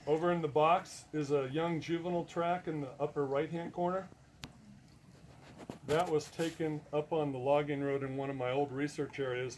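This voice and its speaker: A man's voice: medium pitch, a little mellow, slight background noise. A man giving a talk to an audience, earnest and emphatic, repeating words for stress. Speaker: presenter.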